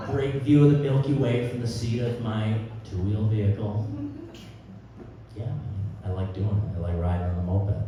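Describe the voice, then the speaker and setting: A man performing a live stand-up set of deadpan one-liners, now and then jumping into high-pitched outbursts. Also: a little hiss or hum. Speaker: stand-up comedian. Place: theater stage before a live audience. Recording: roomy hall audio from a distance with crowd. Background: audience laughter.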